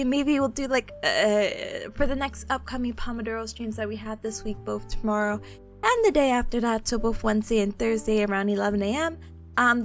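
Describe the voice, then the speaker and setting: A young woman from the southern United States, chatting casually with her live chat as a streamer, giggly and playful. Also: fairly high pitch.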